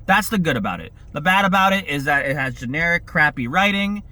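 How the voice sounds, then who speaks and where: A young man giving a casual, profane, exasperated movie review, talking in an animated way. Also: on the high side, brisk, hardly any pauses.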